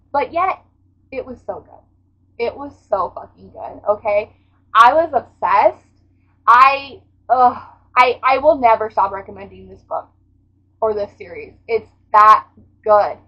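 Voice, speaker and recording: A fairly high-voiced woman gushes over her favourite books in a casual vlog recap. Her talk is dramatic and full of swearing, and the audio is a little dull and lo-fi. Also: slow pace, long pauses. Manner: gushing, dramatic, swears freely. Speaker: book vlogger.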